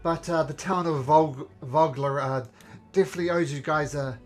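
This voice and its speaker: A man's voice: on the high side, fairly even intonation, moderate pace, faint music behind, voice pushed up, close to an everyday voice. A man voicing a woman mayor who is blunt and coarse-talking in a tabletop game. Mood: flustered.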